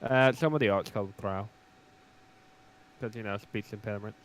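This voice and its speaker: A man chatting casually and joking while streaming a co-op game, swearing freely and cutting in with loud bursts. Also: fairly low pitch, moderate pace, a little hiss or hum. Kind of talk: casual gaming chat.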